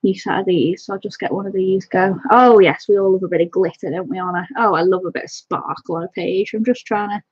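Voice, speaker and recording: A woman's voice: medium pitch, fairly even intonation, fairly quick, hardly any pauses, slightly rough, dry recording. A woman colouring on a live stream, chatting fondly and greeting viewers by name. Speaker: livestream colouring host. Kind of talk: casual live-stream chat while colouring. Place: home. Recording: dull, lo-fi home stream audio.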